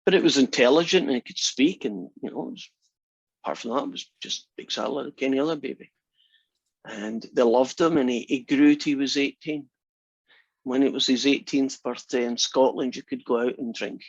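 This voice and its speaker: A man's voice: medium pitch, moderate pace, slightly rough, dry recording. A male instructor talking his class through calculus in a chatty, joking way. The recording is dry and close, with dull, lo-fi sound. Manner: chatty and joking, talks through steps conversationally. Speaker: math instructor. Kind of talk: casual classroom lecture.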